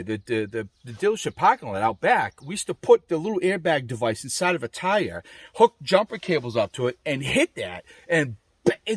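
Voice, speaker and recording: A man casually telling a personal story to camera, animated and rambling, with lots of restarts and fillers. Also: on the high side, slightly rough, no room sound. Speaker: gear reviewer telling his accident story. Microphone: small camera mic.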